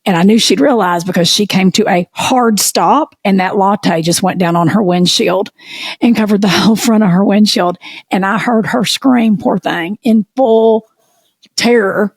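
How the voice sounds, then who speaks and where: Southern woman co-host, spins lively folksy yarns, dead-dry mic sound. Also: mid-range voice, a little slow, slightly rough, no room sound. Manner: animated, folksy storyteller. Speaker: podcast co-host. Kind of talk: casual storytelling chat.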